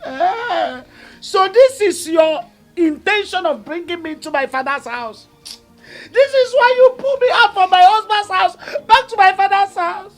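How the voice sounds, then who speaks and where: An actress with a Nigerian accent playing an aggrieved sister who shouts and cries in a family quarrel. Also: female voice, very high-pitched, animated, unhurried, faint music behind, heavily acted. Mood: wailing. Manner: indignant, shouting and crying. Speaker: sister-in-law. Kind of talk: Nollywood film acting.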